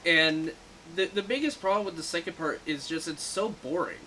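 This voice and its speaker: A man co-hosting a casual movie review podcast, animated and laughing often as he talks. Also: a little high, normal speed, a little hiss or hum, rough recording. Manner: animated, laughs often, acts out quoted lines. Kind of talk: casual chat.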